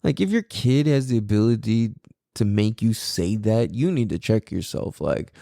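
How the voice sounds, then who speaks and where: A man hosting a podcast, talking in a loose, animated, profane rant full of fillers. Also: lowish voice, moderate pace, gravelly, no echo, studio quality. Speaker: podcast host.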